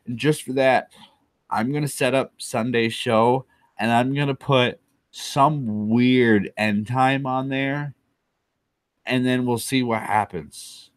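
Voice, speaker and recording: A man's voice: medium pitch, fairly even intonation, slow, no echo. A man hosting a live stream alone, drunk and rambling in a jokey, self-mocking way.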